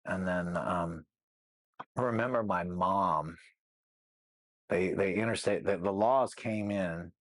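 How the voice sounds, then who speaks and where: A man's voice: low-pitched, slow pace, pauses often, no echo. A middle-aged man speaking as an interview guest, telling his story candidly and rambling with lots of "you know what I mean" asides.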